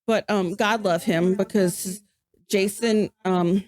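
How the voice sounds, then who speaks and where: A woman, co-hosting a podcast and telling a story in casual chat, animated and acting out what people said. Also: medium pitch, takes it slowly. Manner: animated, acts out quoted voices. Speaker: podcast co-host.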